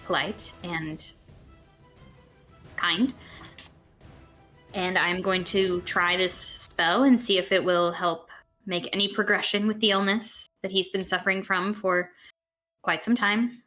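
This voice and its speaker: A solemn, gentle healer man in a tabletop game, as a woman puts him on, guiding visitors with quiet care. He speaks softly and hesitantly, with a slightly lowered pitch. His pace is slow and measured. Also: steady tone, soft background music. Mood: earnest. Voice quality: soft-spoken, hesitant, measured.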